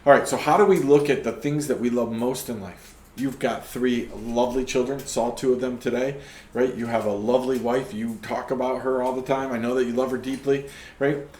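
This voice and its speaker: Male podcast host, mid pitch, preachy delivery, echoey room. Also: fairly even intonation, fairly quick, a little mellow. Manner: preachy, peppers talk with "right?". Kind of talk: faith discussion podcast.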